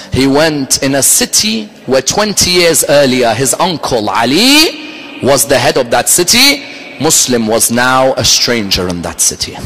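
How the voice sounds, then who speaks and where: A man giving a Muharram majlis sermon, telling the story step by step and building to an impassioned, near-shouting recital. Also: mid-range voice, low-quality recording. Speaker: Islamic lecturer.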